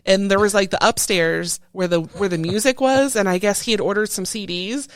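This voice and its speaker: A woman, a retired Coast Guard chief petty officer, telling stories in a casual interview, lively and acting out other people's voices. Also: medium pitch, normal speed, dry recording. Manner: lively, animated storyteller who acts out quoted voices.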